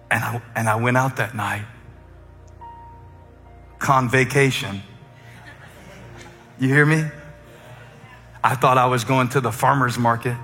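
A man preaching a sermon as a humorous, conversational story, with fillers and quick asides. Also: medium pitch, fairly even intonation, sharp tone. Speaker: pastor. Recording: echoey hall with faint music.

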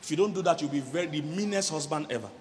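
A middle-aged man, a relationship coach giving a lively church sermon on marriage, often laughing and acting out voices. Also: on the high side, very fast, long reverb tail. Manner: animated, laughing, acts out quoted voices.

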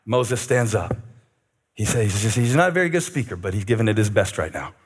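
A man preaching a sermon as pastor, animated and joking, rising to shouts at peaks. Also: on the low side, brisk, husky.

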